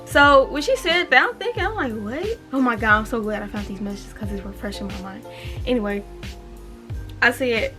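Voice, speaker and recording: A young woman, telling a storytime on her vlog in an animated way, swearing freely and reading text messages aloud. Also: fairly high pitch, moderate pace, faint music behind. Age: 20s. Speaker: vlogger. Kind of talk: casual storytime.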